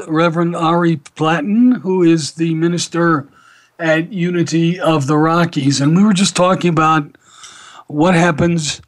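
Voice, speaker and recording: A man hosts a radio talk show and tells stories in an easy, anecdotal way. His voice sits a little high for a man. The sound is dry and close, with no room around it. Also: dry recording. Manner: warm anecdotal storyteller, animated when quoting others. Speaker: rabbi and radio show host. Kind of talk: casual radio talk and storytelling.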